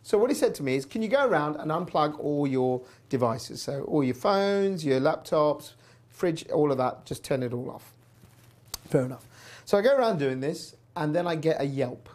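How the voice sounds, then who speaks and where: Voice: medium pitch, lively intonation, normal speed, a little mellow. A presenter telling a personal story in a chatty, wry way while hosting a news show. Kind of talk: casual news commentary.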